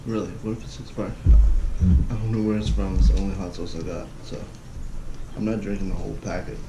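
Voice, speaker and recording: A man's voice: sits low, flat delivery, a little fast, muffled recording, music in the background. A man chatting casually through a taste-challenge vlog, exclaiming and groaning at what he tries. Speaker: vlogger. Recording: echoey room with loud background noise.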